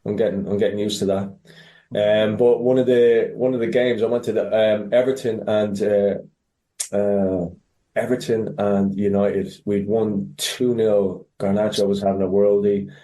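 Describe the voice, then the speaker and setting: Irish man, animated and profane. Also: lowish voice, measured pace, echoey room. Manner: animated, profane, many restarts. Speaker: guest. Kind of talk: casual interview storytelling.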